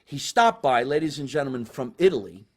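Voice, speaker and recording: A man hosting a live comedy show from a basement, a loud, hammy showman who swings between big excitement and asides. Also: medium pitch, a little fast. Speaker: podcast host.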